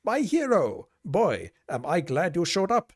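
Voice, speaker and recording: A brassy barfly woman, coquettish and drawn out, her lively voice swooping high with every teasing line, as a man puts her on. She purrs and sings her words in a video game. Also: measured pace, slightly rough, full character voice. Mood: flirty.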